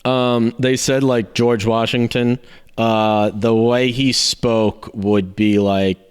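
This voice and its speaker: A man hosts a casual podcast chat. His voice sits at an everyday middle pitch. He rambles through his explanations and keeps correcting himself. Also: little pitch movement, takes it slowly, smooth. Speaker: podcast host.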